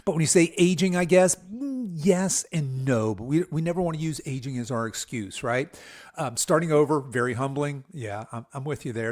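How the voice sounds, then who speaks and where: A man in his sixties, a fitness coach hosting his own podcast, talking in an upbeat, enthusiastic way with hype-style shout-outs to listeners. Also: mid-range voice. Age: 60s. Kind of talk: energetic podcast monologue.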